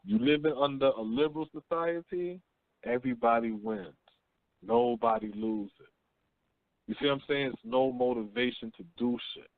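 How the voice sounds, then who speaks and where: A man's voice: medium pitch, normal speed, no room sound. A man hosting a call-in talk radio show, telling blunt, slangy stories and asking rhetorical questions. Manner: blunt, slangy storytelling, often asks "you see what I'm saying?". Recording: tinny phone line.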